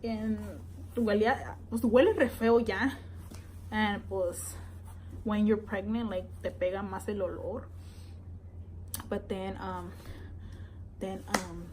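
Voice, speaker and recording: A woman's voice: medium pitch, steady tone, normal speed, darkish tone, a little hiss or hum, low-quality recording. A young woman tells a pregnancy story in a casual vlog, switching languages, chatty and swearing freely. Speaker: vlogger.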